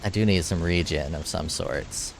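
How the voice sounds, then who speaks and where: A man's voice: deep voice, moderate pace, creaky, a little hiss or hum. A man casually commenting over his own gameplay, thinking aloud and swearing freely. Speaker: gameplay streamer.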